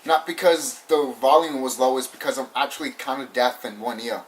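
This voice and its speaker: A young man casually ranting through a movie review, animated and repetitive, swearing often and laughing now and then. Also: medium pitch, brisk. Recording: voice somewhat far from the mic.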